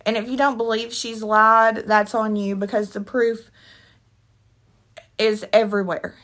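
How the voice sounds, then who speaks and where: A woman's voice: a little high, a bit bright. A woman vlogging an emotional opinion rant, blunt and rambling with slangy asides, tearful and sniffly from crying. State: tearful, with a runny nose. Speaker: commentary vlogger.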